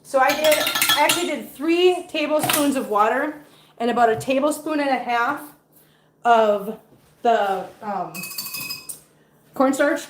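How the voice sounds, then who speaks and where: Chatty lady livestreaming from her kitchen, kinda high voice, roomy echo, a little hiss behind. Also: expressive, measured pace, pauses often. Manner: chatty, teasing, baby talk to cats. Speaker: cat vlogger cooking on a livestream. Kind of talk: casual live-stream chat while cooking. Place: home kitchen.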